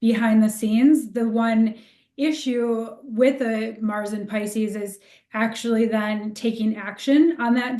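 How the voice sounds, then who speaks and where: Reflective woman astrologer, fairly high voice, roomy echoey sound. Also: warm tone. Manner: reflective, explanatory, laughs easily. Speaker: astrologer co-host. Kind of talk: casual podcast chat.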